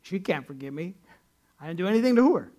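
A man's voice: sits high, very animated, fast talker, warm tone. A man pastor preaching a sermon in a conversational way, acting out the people he quotes.

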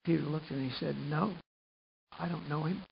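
Gravelly-voiced man preaching a sermon. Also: on the high side, fairly even intonation, normal speed. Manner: storytelling, rising to loud emphasis then dropping quiet. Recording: muffled lo-fi recording with faint hiss.

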